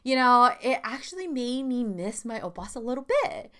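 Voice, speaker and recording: A woman's voice: on the high side, moderate pace, fairly bright tone. A woman hosting a self-help podcast, talking candidly and casually with lots of fillers and asides. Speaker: podcast host.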